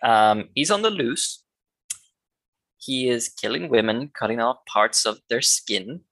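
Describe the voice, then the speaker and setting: Guy cohosting a podcast, bright forceful tone, dry close sound, chill and analytical. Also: mid-range voice, animated, unhurried, gravelly, no room sound, low-quality recording. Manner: laid-back and analytical, breaks into laughs. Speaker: podcast co-host. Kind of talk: casual film-discussion chat.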